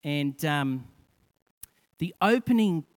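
Passionate preacher, smooth higher voice. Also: male voice, lively intonation. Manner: impassioned preaching with rising emphasis and soft, drawn-out scripture quotes. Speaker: pastor. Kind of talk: sermon.

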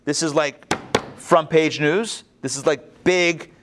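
A man teaching a Torah text-study class in a conversational, animated way, reading passages and adding casual asides. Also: on the high side, slow pace, background noise.

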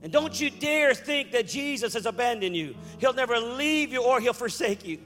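A man preaching a fervent sermon as pastor, building to loud declarations. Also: very high-pitched, expressive, moderate pace, long reverb tail, faint music behind. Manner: fervent preaching, rising to shouts.

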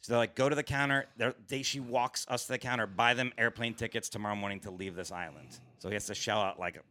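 A man's voice: on the low side, fast talker. A man, a stand-up comedian, telling a story on a podcast, acting out the people in it and swearing freely. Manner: animated storyteller, acts out quoted voices, swears freely. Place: podcast studio.

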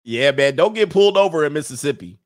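A man's voice: on the high side, lively intonation, fast talker. A man hosting a livestream, reading chat comments and mocking them in a brash, joking way.

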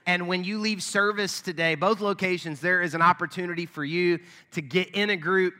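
A man's voice: high-pitched, fairly even intonation, fairly quick, bright, forceful tone, long reverb tail. A man in his thirties, a pastor giving a casual, joking welcome and announcements to his church. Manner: friendly, joking, chatty with fillers. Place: church sanctuary.

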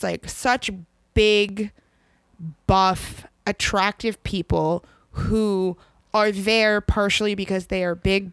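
Woman podcast co-host, lively up-and-down pitch, dry close sound, playful and joking. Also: clean tone, dry recording. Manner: joking, animated, does quick silly voices. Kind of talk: casual chat.

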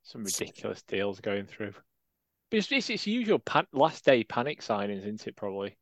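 A man's voice: on the low side, big pitch swings, moderate pace, dry recording. A man chatting on a casual football podcast, rambling wryly through jokes and asides. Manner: wry, rambling banter. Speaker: podcast co-host.

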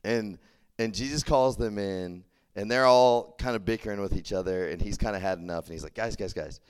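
A young Texan campus ministry preacher gives a casual youth sermon in a fairly low, clean voice, talking a little fast. He's chatty, saying "like" a lot and restarting often.

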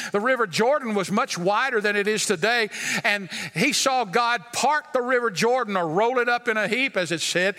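A man's voice: sits high, bright, forceful tone, long reverb tail. A male pastor preaching a sermon earnestly, with emphatic rises.

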